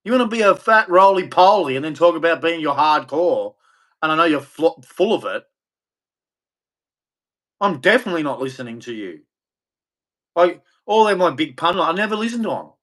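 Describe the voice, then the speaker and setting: A man's voice: fairly high pitch, expressive, normal speed, a bit bright. A middle-aged man, hosting and ranting bluntly, mocking others and acting out their voices. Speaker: host. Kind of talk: opinionated rant.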